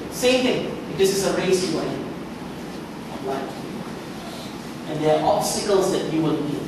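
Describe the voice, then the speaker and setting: Man preaching in an echoey hall. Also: high voice. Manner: conversational, repeats for emphasis, asks the audience questions. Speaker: guest pastor. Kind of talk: sermon. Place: church camp hall. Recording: echoey hall, distant mic, ambient noise.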